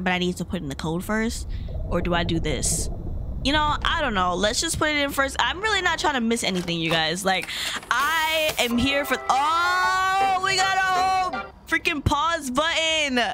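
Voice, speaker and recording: A woman's voice: medium pitch, lively intonation, fairly quick, noisy background. A woman hosting a gameplay video, chatting casually to her viewers and getting easily startled. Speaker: gaming video host.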